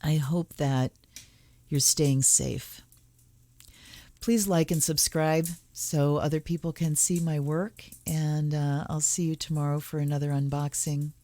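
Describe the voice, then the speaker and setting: In a dry recording, a tarot channel host with a low, steady, dark voice muses casually and reads book passages reflectively. Her pace drops when she offers blessings.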